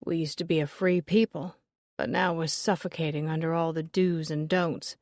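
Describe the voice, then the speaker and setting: A woman's voice: sits low, steady tone, normal speed, darkish tone, no room sound, clean studio sound. A woman voicing a blunt, chain-smoking shop owner. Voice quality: raspy smoker's voice. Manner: blunt, offhand.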